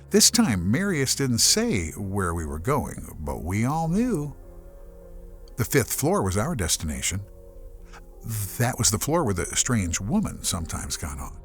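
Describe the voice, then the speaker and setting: A man from Germany narrating a horror audiobook as a scripted, expressive storyteller. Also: mid-range voice.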